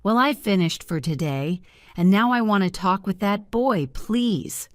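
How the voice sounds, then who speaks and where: A woman reading the lines of a stern but caring male ship's doctor in a storybook, firm and measured. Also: medium pitch, expressive, no room sound, clean studio sound, natural voice.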